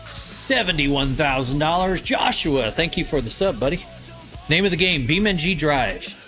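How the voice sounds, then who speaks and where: Nasal male streamer, a bit high and bright, chats loosely with viewers from his basement over faint music. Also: animated, a little slow. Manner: reads viewer comments aloud and answers them, rambling with fillers. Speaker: live streamer. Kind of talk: casual live-stream chat while gaming. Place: home basement.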